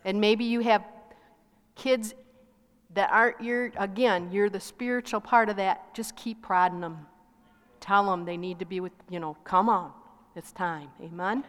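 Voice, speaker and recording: In a church sanctuary whose large hall leaves a long reverb, a middle-aged woman who co-pastors relates her testimony within a sermon. Her mid-range voice is steady, measured and a bit bright as she narrates stories and acts out quoted speech.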